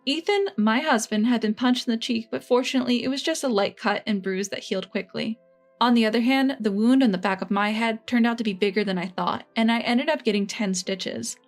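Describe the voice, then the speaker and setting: A woman with a fairly high voice tells a first-person revenge tale in a calm, matter-of-fact way, with a smug edge. Soft music plays faintly beneath the narration. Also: brisk.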